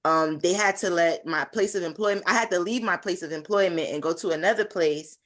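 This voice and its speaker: A woman's voice: on the low side, a little fast, a bit bright. A woman in her twenties giving an earnest, heartfelt personal testimony at a conference over a video call, with frequent fillers. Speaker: conference speaker.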